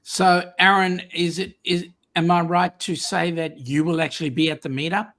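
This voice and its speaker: Male host, teasing banter, a touch higher-pitched. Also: steady tone, moderate pace, fairly bright tone. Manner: teasing, playful storytelling. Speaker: show host. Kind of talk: casual chat.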